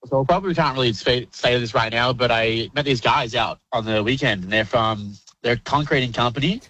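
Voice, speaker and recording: Fast-talking Australian guy calling in. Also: mid-range voice, pushed and bright, highs cut off. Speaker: caller. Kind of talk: casual radio call.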